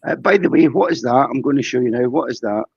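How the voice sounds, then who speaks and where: Gravelly man hosting. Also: mid-range voice, fast, dry recording. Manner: playful, teasing. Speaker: host. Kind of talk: casual interview chat. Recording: dull lo-fi sound.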